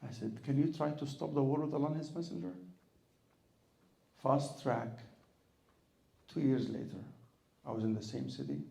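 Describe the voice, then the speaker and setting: A man's voice: mid-range voice, moderate pace, gravelly, pauses often, dark tone, roomy sound, poor audio. A man from Egypt, an imam preaching in a storytelling style, asking rhetorical questions and chanting verses with rising force. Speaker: imam and Islamic lecturer. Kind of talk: sermon-style Q&A talk.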